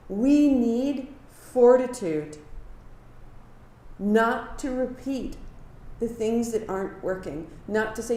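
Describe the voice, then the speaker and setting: A woman teaching a live kundalini yoga class, giving calm movement cues and sharing earnest reflections. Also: fairly high pitch, slow pace. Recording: echoey room.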